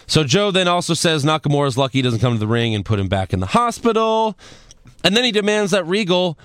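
A man's voice: fairly high pitch, big pitch swings, quick pace, fairly bright tone, smooth, no echo. A man talking casually with a co-host, recapping events in a laid-back, matter-of-fact voice. The sound is dry and close, with no room around it. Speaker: podcast co-host recapping wrestling. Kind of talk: casual chat.

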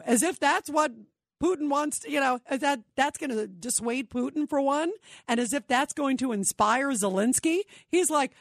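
A woman hosting a talk radio show, giving emphatic, opinionated commentary in an animated way. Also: high-pitched, normal speed, no room sound, studio quality. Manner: animated, emphatic, repetitive for effect.

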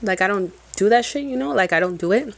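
A young woman from Mexico, a podcast co-host, telling a paranormal story in casual chat, animated and swearing often, with Spanish phrases mixed in. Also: mid-range voice, fast, gravelly.

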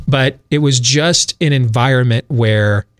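A man of middle pitch tells a long story on a talk show, rambling and animated, with plenty of ums and quick laughs. He comes from Michigan, and his voice sounds close and dry in a studio. The delivery is casual and lively throughout. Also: dry recording. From Michigan, USA. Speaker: radio talk show host.

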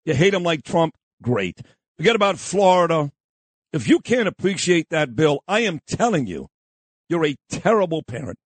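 A man hosting a talk radio show, delivering a combative, opinionated monologue and shouting down those he disagrees with. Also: fairly high pitch, sing-song, normal speed, dry recording. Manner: combative, insulting, repeats himself, shouts down opponents.

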